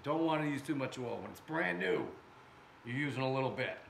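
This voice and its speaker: Brisk and animated, an American man with a medium-pitched, fairly bright voice chats to viewers and jokes while testing air guns in his indoor workshop. The casual vlog is shot from a distant camera. The room echoes and there is background noise.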